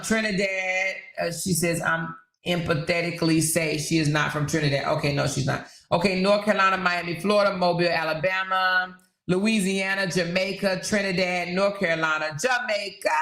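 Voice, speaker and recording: A woman's voice: mid-range voice, fairly bright tone. Woman host of a casual live chat; talkative, reads out viewer comments, roomy sound. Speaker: livestream host.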